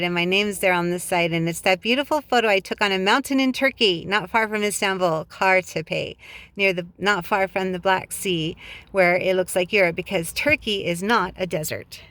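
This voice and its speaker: A woman rambles and rants into a handheld phone camera from her parked car. Her voice sits at an ordinary middle pitch and sounds close and dry, with no room echo. She digresses freely and laughs often. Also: a bit bright. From United States. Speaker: vlogger and author. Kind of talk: rambling casual monologue.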